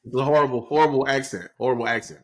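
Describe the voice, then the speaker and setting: A male podcast co-host rattles through current events very fast in a mid-range voice. His tone is casual and explanatory, as befits a relaxed political chat, and he regularly checks in with "right?"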